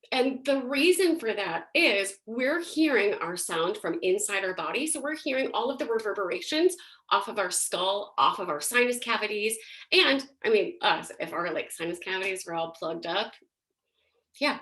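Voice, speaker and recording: A woman's voice: mid-range voice, animated, moderate pace, fairly bright tone. A woman teaching a singing and voice workshop in a casual, chatty way, often using fillers. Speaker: singing and voice instructor.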